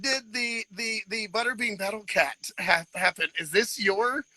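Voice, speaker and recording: A man from Georgia, hosting a casual live-stream chat, rambling fast and laughing often. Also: sits high, sharp tone, dry recording, rough recording. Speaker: podcast host.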